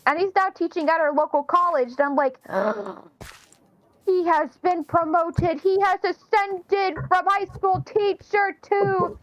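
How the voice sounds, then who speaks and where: A woman's voice: extremely high pitch, steady tone, slow pace, dry recording, lo-fi sound. A young adult woman, a freelance voice actress, chatting animatedly on a voice call. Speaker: freelance voice actress, stream host. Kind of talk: casual voice chat.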